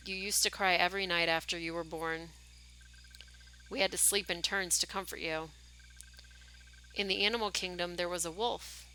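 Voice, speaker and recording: Reading a game's story aloud with live reactions, this woman streamer has a fairly low voice that sounds pushed and bright. She tweaks her delivery a little for dialogue lines and adds offhand comments, with a faint hiss or hum on the recording.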